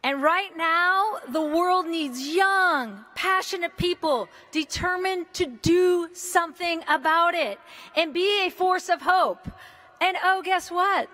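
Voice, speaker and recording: In a large indoor arena, a US woman in her fifties gives a commencement speech at a slow pace, her voice very high-pitched. The tone is upbeat, informal and humorous, with occasional mild swearing.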